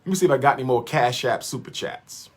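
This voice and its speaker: Husky man preaching on a livestream. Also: mid-range voice, fast talker. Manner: preacher-like, repeats lines for emphasis. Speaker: livestream host. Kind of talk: impassioned livestream lecture.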